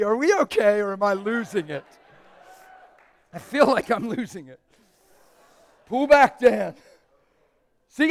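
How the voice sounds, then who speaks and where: Fervent male preacher, high voice, shouts then hushes, playful asides. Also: long reverb tail. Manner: swings from shouting excitement to near-whispered intimacy; playful, laughing asides to the crowd. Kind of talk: animated sermon.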